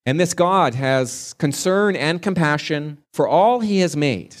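A man's voice: a little high, animated, unhurried, few pauses. A man preaching a sermon as a pastor, retelling a scripture story earnestly and stretching key words for emphasis.

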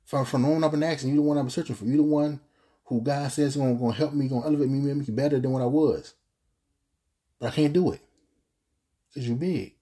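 A man's voice: mid-range voice, fast, pauses often, dark tone, slightly rough, pitched above the performer's own voice, close to an everyday voice. A man voicing a tearful young woman who pleads and repeats herself as she breaks up with someone. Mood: tearful pleading. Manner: pleading, repetitive.

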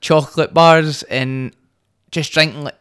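A man's voice: a little high, fairly even intonation, measured pace, a bit bright, clean tone. A young man with a Scottish accent, a guest boxer telling cocky stories with a laugh in casual podcast chat.

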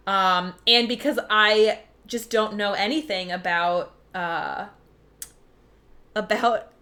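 A woman co-hosting a podcast over a video call, talking in a chatty, animated way. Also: mid-range voice. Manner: chatty, animated, quick to react. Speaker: podcast co-host. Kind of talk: casual chat.

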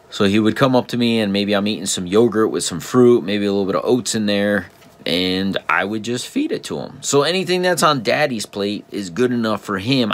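A man with a slightly low voice talks through a story in a relaxed, chatty monologue. He keeps turning to his listeners with rhetorical questions and often restarts his words mid-thought. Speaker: podcast host and father.

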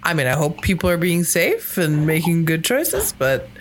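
A woman's voice: low voice, normal speed, background noise. A woman co-hosting a podcast, chatting casually and playfully about a movie. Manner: laughing, playful, expressive. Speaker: podcast co-host. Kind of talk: casual movie-review chat.

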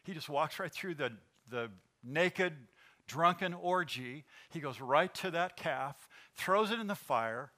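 A man preaching a sermon as pastor, animated and asking the congregation questions. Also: fairly high pitch, unhurried.

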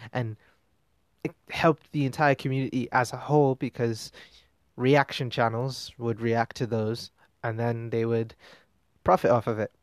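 A man's voice: mid-range voice, no echo, clean studio sound. A man hosting a music commentary show, talking casually and rambling with fillers and restarts. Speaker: podcast host.

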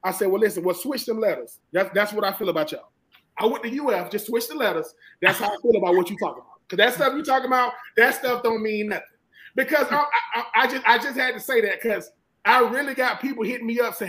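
A man from Georgia with a Southern American accent, a former college football player talking football as a guest in an animated, emphatic way and often repeating himself. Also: sits high, fast, rough recording. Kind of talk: casual sports talk.

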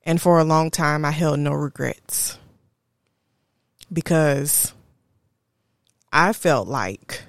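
A young adult woman, telling a personal story in a slow, reflective and candid way as a podcast host. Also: sits low, vocal fry, dry recording, studio quality. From Houston, Texas area. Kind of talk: personal monologue.

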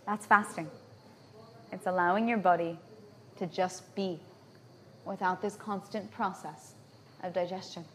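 A woman giving a lecture as a natural hygienist, often checking in with her audience through quick tag questions. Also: lowish voice, fairly even intonation, a little hiss or hum. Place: lecture venue in Bali.

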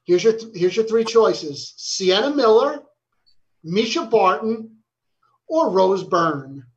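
A man's voice: high-pitched, very animated, takes it slowly. Joking male quiz host, lo-fi sound. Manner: playful, swears and laughs, stumbles over answers. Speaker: game host. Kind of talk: casual game-show hosting.

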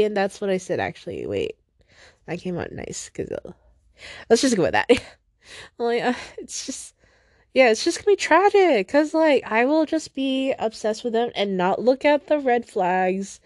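A woman's voice: medium pitch, big pitch swings, a little slow, darkish tone, dry recording, studio quality. A young woman hosting a solo podcast, venting in a rambling, frustrated way, swearing and often breaking off mid-sentence. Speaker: podcast host.

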